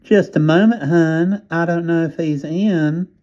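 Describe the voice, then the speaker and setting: A man voicing a nasal, whiny hospital operator, a woman with a Southern accent who drawls her words slowly. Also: on the high side, steady tone, warm tone, dull audio, voice pushed up, lightly acted. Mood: drawling. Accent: American Southern.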